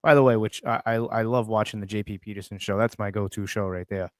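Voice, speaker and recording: A man's voice: on the low side, steady tone, fast, dry recording, clean studio sound. A man co-hosting a sports talk show, laid-back and joking, often repeating himself. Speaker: podcast co-host.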